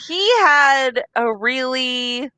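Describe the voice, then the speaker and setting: A woman's voice: sits high, very slow, pushed and bright, clear, resonant tone, no room sound. A woman co-hosting a podcast in casual chat, mostly giving short agreeing replies and laughing. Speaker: podcast co-host.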